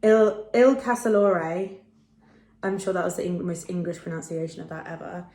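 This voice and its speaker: A woman's voice: on the low side, flat delivery, fast, a little mellow. A young woman in her twenties casually chatting to camera in a food vlog, self-deprecating and full of fillers. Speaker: food vlogger. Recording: echoey home room.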